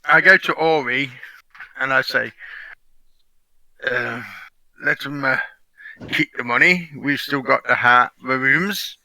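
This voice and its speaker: A man's voice: medium pitch, slow pace, long pauses, bright, forceful tone, no room sound, rough recording. A man playing in a tabletop game, speaking in character with many hesitant fillers. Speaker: player.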